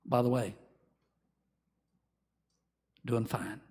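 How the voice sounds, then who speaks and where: A man preaching a sermon as pastor, telling Bible stories in an animated way and acting out the voices of the people in them. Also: fairly high pitch, a little slow, vocal fry.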